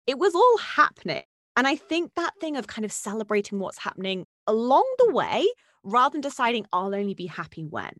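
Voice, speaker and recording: A woman's voice: fairly high pitch, big pitch swings, fairly quick, fairly bright tone, no echo, studio quality. A woman hosting a podcast interview, effusive and encouraging, acting out little quotes as she chats. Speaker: podcast host. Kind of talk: casual interview chat.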